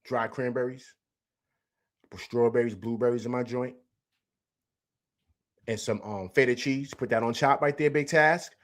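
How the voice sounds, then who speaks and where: A man's voice: medium pitch, fairly even intonation, unhurried, pauses often. A man hosting a live stream, chatting casually in slang, repeating himself and answering viewers from the chat. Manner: loose slangy talk, repeats himself, reads chat aloud.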